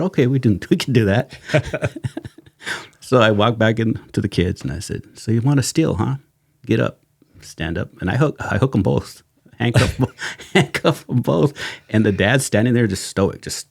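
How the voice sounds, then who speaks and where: A man's voice: lowish voice, moderate pace, vocal fry, husky, no room sound. A middle-aged man, a retired sheriff's detective, telling a story as a podcast guest in a casual, slangy way, laughing and acting out the people he quotes. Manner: animated, laughing, slangy retelling with acted quotes. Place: podcast studio.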